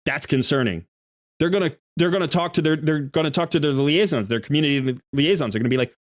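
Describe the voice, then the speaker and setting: A man's voice: fairly high pitch, expressive, quick pace, dry recording, studio quality. A male game streamer in a live stream, making an argumentative case with worked examples.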